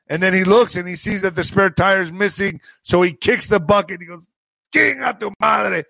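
A man telling a profane story to his video audience, animated and full of spoken sound effects. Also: sits high, fairly quick, dry recording, rough recording. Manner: slips into a Spanish-accented put-on for quoted locals. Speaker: vlogger and author telling stories. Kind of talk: casual storytelling to camera.

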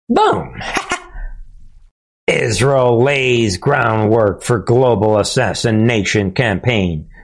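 Emphatic male commentary host. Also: medium pitch. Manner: emphatic, punchy asides, repeated catchphrases; talks straight to viewers with frequent restarts. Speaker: host of a political commentary channel. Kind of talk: casual monologue commentary.

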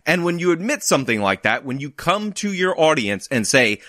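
A man's voice: fairly high pitch, sing-song, a little fast, fairly bright tone, no echo, clean studio sound. A man hosting a political commentary vlog, talking in an emphatic, argumentative, explanatory way.

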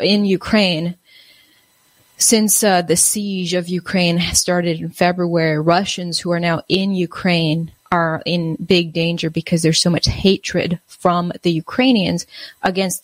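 A woman giving casual news commentary, halting and full of fillers and restarts. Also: on the low side, no room sound. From United States.

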